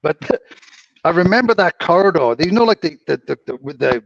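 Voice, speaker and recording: A man's voice: a little high, expressive, moderate pace, gravelly, no echo, dull audio. Man rambling from a distant mic. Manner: rambling anecdotes with restarts. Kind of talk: casual chat.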